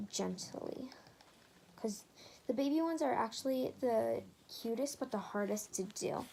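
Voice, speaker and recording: High, mellow-voiced woman crafting. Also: slight background noise. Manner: chatty, rambling narration of each step with self-corrections. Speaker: craft tutorial host. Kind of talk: casual DIY craft tutorial.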